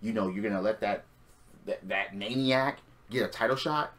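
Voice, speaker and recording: A man's voice: fairly low pitch, moderate pace, fairly bright tone, natural voice. A man quoting a male wrestler in a lightly voiced, stammering complaint about betrayal. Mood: aggrieved.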